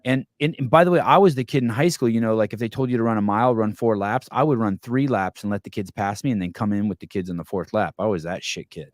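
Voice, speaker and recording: A man hosting a podcast, telling a long story in a casual, animated way, swearing often and restarting his sentences. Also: lowish voice, quick pace, hardly any pauses, no echo, studio quality. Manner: animated, profane, rambling with many restarts. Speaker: podcast host.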